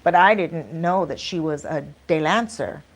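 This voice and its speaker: A woman's voice: low voice, unhurried. A woman vlogger telling a story in a casual, chatty way, acting out each side of the conversations she recounts. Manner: animated, acts out both sides of dialogue; chatty, laughs often.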